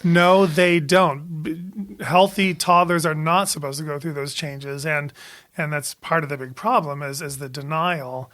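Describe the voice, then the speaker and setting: A man's voice: a little high, steady tone, unhurried, fairly bright tone. Emphatic man, a doctor co-hosting. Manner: emphatic, insistent, with fillers. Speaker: doctor and podcast co-host. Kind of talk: casual conversation.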